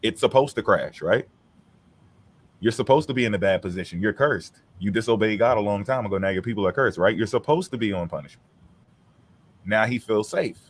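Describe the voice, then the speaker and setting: A man's voice: fairly low pitch, lively intonation, brisk, husky. A man hosting a casual streamed chat, talking in a blunt, profane and heated way.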